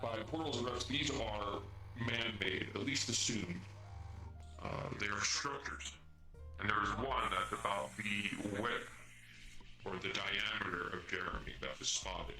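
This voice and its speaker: A man in a role-play, giving a formal, measured lore briefing in character. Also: on the low side, sharp tone, reverberant, faint music behind, poor audio. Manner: formal, measured report-like delivery.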